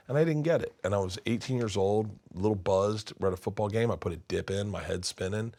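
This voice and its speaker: A man in his fifties tells a long story as a guest in an interview. His voice sits a little low, and he animates it by acting out the other people's lines. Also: fast talker, few pauses. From United States. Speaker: comedian guest.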